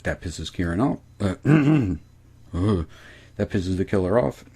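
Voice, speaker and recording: A man with a low, husky voice recaps an episode in a loose, rambling way. His tone is mellow and dark, and he swears freely as he talks. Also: normal speed. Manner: rambling, profane.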